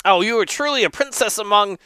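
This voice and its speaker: A man voicing a fussy, easily flustered male monk in a high squeaky voice. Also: lively intonation, quick pace, sharp tone, clean tone, dry recording. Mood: gushing grateful.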